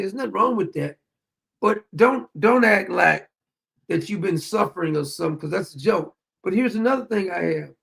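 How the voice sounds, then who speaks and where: A man's voice: high-pitched, vocal fry. A man with hosting a commentary show, ranting bluntly and heatedly with some profanity. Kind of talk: blunt political commentary rant.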